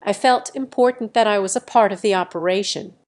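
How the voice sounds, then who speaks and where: A woman's voice: medium pitch, brisk. Woman reading a memoir audiobook steadily. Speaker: audiobook narrator.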